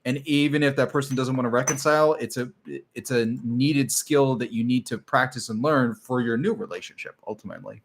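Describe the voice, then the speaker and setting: A man hosting a casual live stream as a relationship coach, talking emphatically and sometimes dropping to a soft, tender tone. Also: mid-range voice, a little fast, few pauses, a little hiss or hum. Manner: animated and emphatic, drops to a soft tender tone when acting out a partner.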